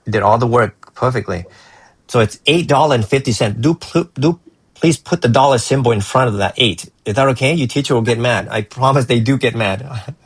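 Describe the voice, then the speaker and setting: A man tutors math, checking a student's answers and praising the work. His voice is husky and sits at an average pitch. He rambles and restarts often, recorded close and dry. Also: fairly quick, no echo, rough recording. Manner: encouraging, rambling with frequent restarts.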